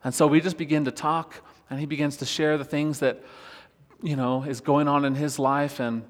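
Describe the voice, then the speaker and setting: A worship pastor telling a personal story in a relaxed, conversational sermon, laughing often as he talks. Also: a little high, moderate pace. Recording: long reverb of a church hall.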